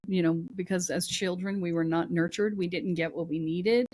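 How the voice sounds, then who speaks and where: A woman's voice: lowish voice, dry recording. A woman speaking as a podcast guest and spiritual coach, giving emphatic, blunt advice in short commands. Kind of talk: podcast conversation.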